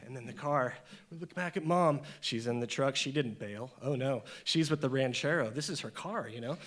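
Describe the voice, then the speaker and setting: A man's voice: medium pitch, normal speed. A man doing stand-up comedy on stage, telling a story and acting out the voices in it. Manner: animated, acts out voices in the story.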